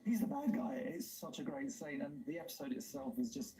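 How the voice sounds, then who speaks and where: A man's voice: on the high side, sing-song, brisk, a loud crowd, poor audio. A man hosting a livestream in casual chat, talking enthusiastically and rambling, with frequent laughs. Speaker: livestream host.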